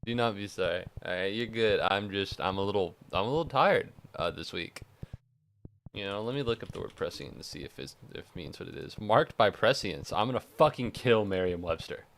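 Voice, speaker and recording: A man's voice: lowish voice, lively intonation, brisk, a bit bright. A tired young man streaming while he plays a game, chatting casually in a rambling, self-mocking way and swearing freely. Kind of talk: casual chat while gaming.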